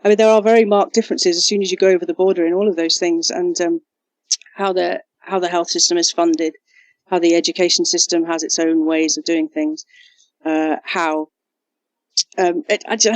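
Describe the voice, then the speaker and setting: An Englishwoman talks as a guest on a podcast, cheerful and laughing easily, sometimes restarting her sentences. Her voice sits fairly low. The recording is dry and close. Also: steady tone, normal speed, no echo. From England. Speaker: guest, junior doctor. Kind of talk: casual interview chat.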